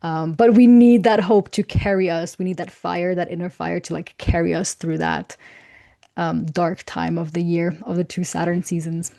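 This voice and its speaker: A woman's voice: fairly low pitch, fairly even intonation, moderate pace, gravelly, dark tone. A woman, a guest astrologer in a casual podcast conversation. She talks reflectively, repeats words as she starts her sentences and laughs often.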